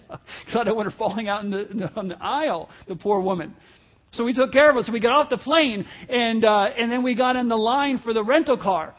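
High-voiced pastor telling a story. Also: male voice, dull audio. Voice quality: halting, self-interrupting delivery with laughs. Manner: storytelling, swings from quiet asides to loud emphasis. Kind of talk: sermon with personal story.

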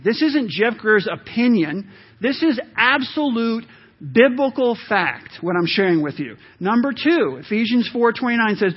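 This is sermon audio from a church sanctuary, captured in dull lo-fi quality. The speaker, a pastor, is a man whose voice is husky and high; he preaches emphatically yet conversationally, turning aside now and then to address the congregation.

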